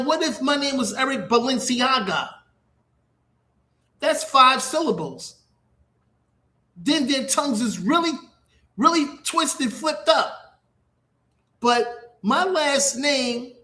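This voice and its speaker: Middle-aged guy with a high voice, slow rambly cussing talk-radio rant, echoey room. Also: animated, sharp tone. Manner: rambling, profane, repeats himself. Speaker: radio show host. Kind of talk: casual rambling monologue.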